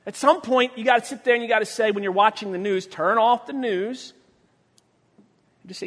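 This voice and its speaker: A man preaching a sermon as pastor, telling stories with humor and acting out the quotes, his voice swinging from quiet to loud. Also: high-pitched, brisk. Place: church sanctuary. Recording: long church reverb.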